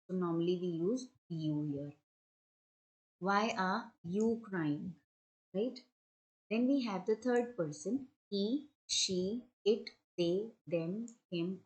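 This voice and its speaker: Woman teacher, unhurried, patient classroom delivery, mid-range pitch. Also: a little mellow, low-quality recording. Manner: slow, patient explaining with examples. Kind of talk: grammar lesson for children.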